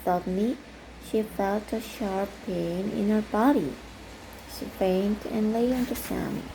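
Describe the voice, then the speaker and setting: A native Korean woman reading a children's storybook aloud in English, slowly and carefully. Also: mid-range voice, vocal fry, background noise.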